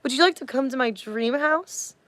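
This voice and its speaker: A woman's voice: high-pitched, moderate pace, fairly bright tone, no echo, pitched above the performer's own voice. Barbie, as a woman puts on a sugary doll voice. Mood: sugary cheerful. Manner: sing-song, falsely cheerful.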